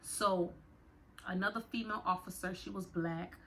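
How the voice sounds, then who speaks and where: A woman's voice: lowish voice, fairly even intonation, normal speed, fairly bright tone, slight background noise. Emotional woman telling a storytime. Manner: emotional, conversational, addresses viewers as y'all. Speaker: vlogger. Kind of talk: storytime vlog.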